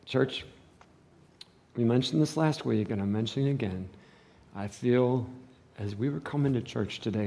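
A male pastor preaching a sermon to his church, animated and moving between loud, emphatic stretches and hushed, quiet ones. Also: mid-range voice, gravelly. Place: church service.

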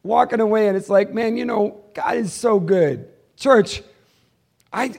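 A man preaching a sermon as pastor, swinging between hushed, intimate passages and loud, fervent ones. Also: sits high, unhurried, vocal fry.

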